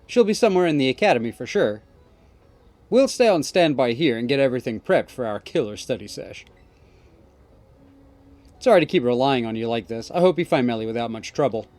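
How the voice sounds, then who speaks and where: A man's voice: mid-range voice, lively intonation, a little fast, long pauses, a little mellow, no echo, natural voice. A man voicing a friendly, upbeat young male gang boss who talks cheerfully and apologetically. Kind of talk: reading game dialogue aloud.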